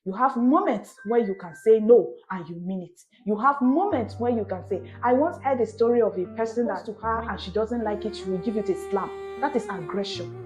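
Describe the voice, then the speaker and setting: A woman's voice: a little high, animated, a little fast, few pauses, music in the background. A young adult woman giving an emphatic, repetitive self-help talk in a preacher-like manner. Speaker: motivational vlogger.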